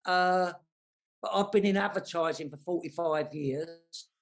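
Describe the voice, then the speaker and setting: Joining a panel by video call, this man in his sixties from South London talks casually in a London accent, self-deprecating and full of false starts. He sounds a little high and speaks a little slowly.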